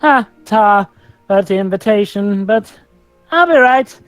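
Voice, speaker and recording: A woman's voice: medium pitch, measured pace, no room sound, faint music behind, lightly acted, low-quality recording. An actress voicing a plain-spoken young Yorkshire woman in game dialogue, blunt with homely dialect.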